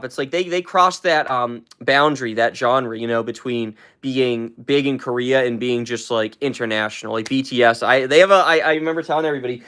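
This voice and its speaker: Hyped young guy on a phone livestream at home, shouting out chat, voice jumps up when excited. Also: medium pitch. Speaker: livestream host. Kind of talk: casual live-stream chat with viewers.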